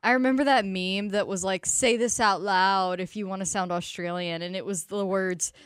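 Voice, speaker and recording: A woman's voice: medium pitch, steady tone, normal speed, clear, resonant tone, no echo, studio quality. A young woman co-hosting a radio show, chatting casually and telling personal anecdotes.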